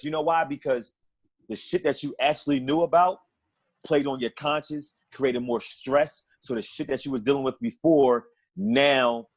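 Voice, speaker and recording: Give me a man co-hosting a casual sports chat, meandering and profane, medium pitch. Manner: rambling, profane, laughs between points. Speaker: podcast co-host.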